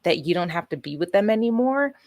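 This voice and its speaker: A woman's voice: fairly low pitch, expressive, a little fast, a little mellow, dry recording, clean studio sound. A woman hosting a podcast, speaking in a supportive and reflective way during a casual interview. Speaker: podcast host.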